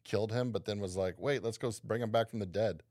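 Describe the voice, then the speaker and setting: A man's voice: on the low side, fast, a little mellow, no echo, studio quality. A young man co-hosting a podcast in casual chat, teasing and rambling. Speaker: podcast co-host.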